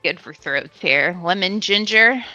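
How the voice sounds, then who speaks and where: A woman's voice: mid-range voice, expressive, a little slow, bright, forceful tone, highs cut off, faint music behind. A woman chatting bluntly and casually, swearing now and then. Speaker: voice actor. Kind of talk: casual chat.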